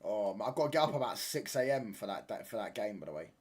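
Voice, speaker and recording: A man's voice: lowish voice, animated, fast, slightly rough. Cheeky young man bantering. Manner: cheeky teasing banter, laughs often, tags lines with mate and pal. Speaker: football watch-along streamer. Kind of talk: live casual chat over a match.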